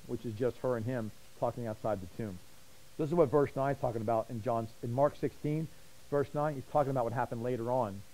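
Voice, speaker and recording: A man teaching a Bible study, fast and passionate, often repeating words as he gets excited. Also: a little high, poor audio.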